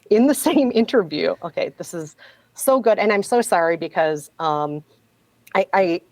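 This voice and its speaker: A woman's voice: medium pitch, no echo, poor audio. A woman guest on a podcast, telling a story in a sardonic, casual way and laughing often.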